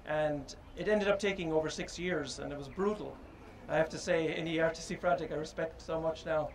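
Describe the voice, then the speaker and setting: A man giving an informal public speech at a statue unveiling, halting and reflective, with frequent pauses and fillers. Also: a little high, fairly even intonation, slight background noise, low-quality recording. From Ireland.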